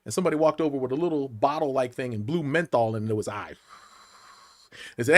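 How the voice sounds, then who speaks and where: A man in his late forties, a podcast guest telling stories in an animated way, acting out the voices of the people in them. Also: a little high, fast. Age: late 40s. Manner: lively, acts out quotes in big jumps of voice. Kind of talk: animated storytelling interview.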